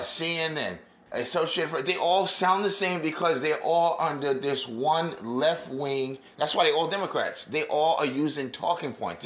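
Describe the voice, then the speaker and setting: A man's voice: fairly high pitch, fairly bright tone, echoey room. A man giving a scornful, preachy rant as he reacts to clips for his viewers. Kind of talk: ranting video commentary.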